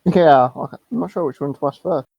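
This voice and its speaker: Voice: mid-range voice, brisk, creaky, husky, no echo, muffled recording. A co-player in a game session, making short reactions and dry asides. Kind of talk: casual let's-play chat.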